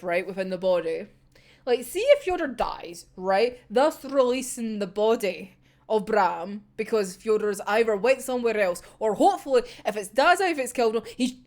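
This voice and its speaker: A young woman ranting about a manga chapter in a casual fan reaction, excitable, swearing freely and laughing often. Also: on the high side.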